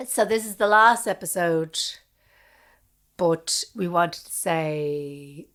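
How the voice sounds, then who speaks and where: A woman's voice: on the low side, takes it slowly, fairly bright tone. A woman with an Irish accent, a comedian co-hosting a podcast, chatting in a rambling, self-deprecating way. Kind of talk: casual chat.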